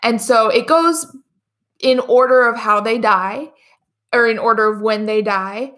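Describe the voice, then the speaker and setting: A woman's voice: on the high side, measured pace, a bit bright. A woman co-hosting a book podcast, casually explaining a novel's premise. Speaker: podcast co-host.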